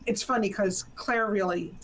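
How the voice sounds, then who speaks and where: A woman in a casual pop-culture chat, telling stories in an animated, laughing way. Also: mid-range voice, normal speed, a little hiss or hum, rough recording.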